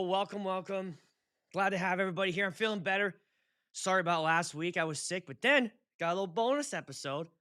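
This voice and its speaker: A man's voice: on the high side, bright, forceful tone, clear, resonant tone. A man in his thirties hosting a casual livestream, chatty and rambling, with self-deprecating jokes. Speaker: DJ and show host.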